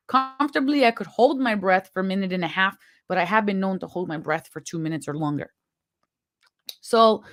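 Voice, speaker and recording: A woman tells her own story in an earnest, halting way, with emotion rising under her words. Her voice sits at an ordinary middle pitch. The recording is dry and close, with no room sound. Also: no echo. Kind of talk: personal story told to viewers.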